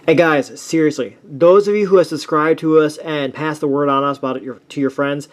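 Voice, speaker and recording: Male toy reviewer, slightly high voice, upbeat, rambles through casual commentary. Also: steady tone, brisk. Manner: enthusiastic, rambling with frequent restarts and fillers.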